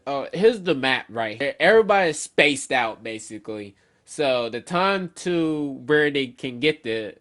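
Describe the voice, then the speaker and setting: A man's voice: mid-range voice, a bit bright. A man giving a casual, rambling chapter review with many fillers and some casual swearing. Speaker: manga reviewer.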